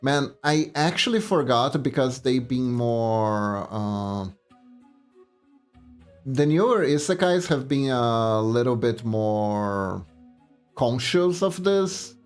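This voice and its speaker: Slow, rambling male streamer. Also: medium pitch, clean tone, faint music behind. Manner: rambling, animated storytelling. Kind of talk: casual livestream chat.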